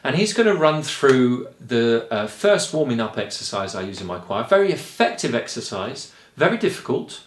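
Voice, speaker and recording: A man from England with a Kent accent, a choir director explaining singing in a relaxed, rambling way with frequent ums. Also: medium pitch, moderate pace, few pauses, roomy sound. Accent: Kent English. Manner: chatty and rambling, with frequent ums and light laughs. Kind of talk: relaxed spoken lesson.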